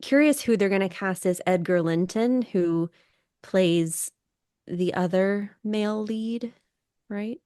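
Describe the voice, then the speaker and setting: A woman's voice: mid-range voice, slow, warm tone, clean tone, no room sound, studio quality. A young woman co-hosting a podcast in casual chat. She rambles with restarts and laughs as she talks. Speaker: podcast co-host.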